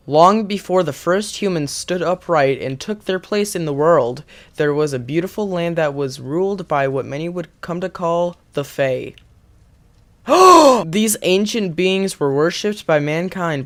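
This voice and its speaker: An excitable man plays through a horror game, reading the on-screen story aloud between gasps and quick laughs. His voice sits a little higher than most men's. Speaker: gaming YouTuber. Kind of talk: let's-play commentary and reading game text aloud.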